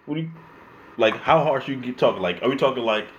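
A man's voice: medium pitch, lively intonation, quick pace, fairly bright tone, muffled recording. A young man co-hosting a podcast, laughing often and teasing his co-host in casual chat.

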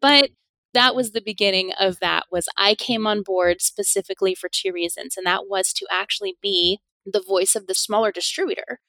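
A woman's voice: mid-range voice, steady tone, normal speed, sharp tone, dry recording. A middle-aged woman, a podcast guest, telling stories in a casual interview, laughing often and acting out the speech she quotes.

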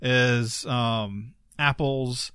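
A man's voice: mid-range voice, steady tone, extremely slow, fairly bright tone, smooth, no room sound, studio quality. A man co-hosting a casual chat, telling stories in a conversational way and laughing often. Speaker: podcast co-host.

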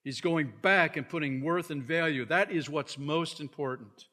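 A pastor preaching a sermon, moving between quiet asides and loud, fervent scripture reading. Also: male voice, on the high side, moderate pace, few pauses. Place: church sanctuary.

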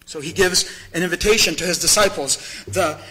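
Bright high-voiced man preaching a sermon. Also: brisk, low-quality recording. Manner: earnest, repeats phrases for emphasis; candid, self-disclosing. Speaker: pastor.

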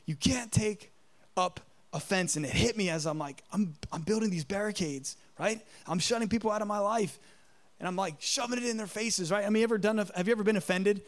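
A man in his thirties preaching a sermon, telling a story in an animated way and acting out the voices in it. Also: sits high, quick pace. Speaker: pastor.

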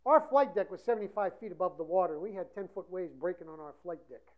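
A woman preaching a sermon with passion, swinging between loud emphasis and hushed passages. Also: fairly low pitch, lively intonation, brisk. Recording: dull lo-fi recording.

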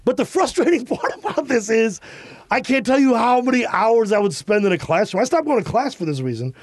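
A man from Chicago, a comedian guest on a podcast, telling stories in an animated, emphatic and profane way. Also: extremely high pitch, fairly quick, no echo, studio quality. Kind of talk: podcast conversation.

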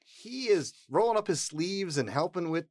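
A man co-hosting a casual political chat, incredulous and animated, picking apart a clip. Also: high voice, moderate pace, no room sound, clean studio sound. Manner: incredulous, animated, laughs easily. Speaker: podcast co-host.

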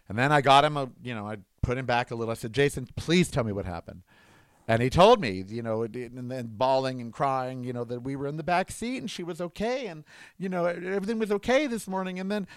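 A man's voice: medium pitch, no echo. A man telling a personal story in a casual monologue, acting out the lines of the people in it. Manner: animated anecdotal, acts out dialogue.

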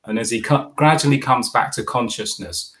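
A man's voice: mid-range voice, normal speed. Man spinning a story in chat. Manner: storytelling, animated asides. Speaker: podcast co-host. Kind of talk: casual chat.

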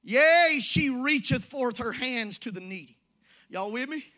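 The setting sounds like a church sanctuary, where a pastor delivers a sermon in a very high, piercingly bright voice with lively intonation, a little slow. Folksy and familiar, he drops into hushed asides and then builds to full-throated shouts.

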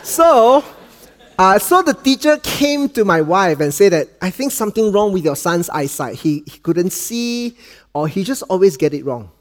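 Male preacher, middle-aged, Malaysian English accent, slightly high voice, storytelling sermon with dad jokes. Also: big pitch swings, moderate pace. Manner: dips soft and low for quoted lines, cracks dad jokes.

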